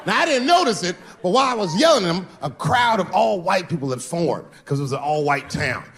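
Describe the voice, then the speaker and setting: A man's voice: high-pitched, animated, a little fast, fairly bright tone, slight background noise. A man doing stand-up comedy, telling long stories in a loose, conversational way with profane punchlines. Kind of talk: stand-up storytelling. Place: stage before a live audience.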